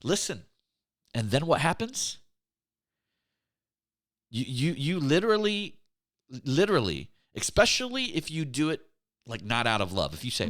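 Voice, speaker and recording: A man's voice: medium pitch, huge pitch swings, unhurried, long pauses, fairly bright tone. A man giving a motivational faith talk on relationships, emphatic and repetitive, often calling his listeners his friends. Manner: emphatic, repeats words, addresses listeners as friends. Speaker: relationship speaker.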